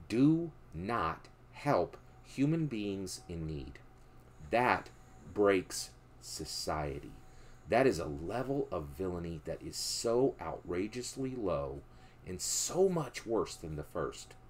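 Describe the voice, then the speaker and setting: A man from Philadelphia giving casual storytelling political commentary, emphatic and tagging sentences with "right?". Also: a little hiss or hum. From Philadelphia, USA. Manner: tags nearly every sentence with a questioning "right?"; emphatic, drops low and quiet for moral points.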